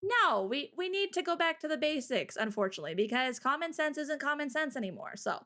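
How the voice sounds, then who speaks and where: A young woman hosting a relaxed live stream, talking in a chatty, animated way and doubling back on her words. Her voice sits high and moves a lot. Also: a little fast. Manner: chatty, animated, repeats herself, laughs often. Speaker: stream co-host. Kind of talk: casual live-stream chat.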